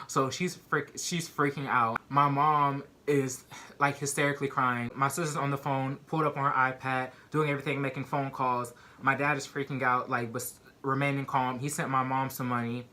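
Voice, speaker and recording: A young man telling a personal story to his viewers in a casual, animated way, full of "like" and "y'all". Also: medium pitch, brisk. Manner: animated, addresses viewers as "y'all", many "like" fillers.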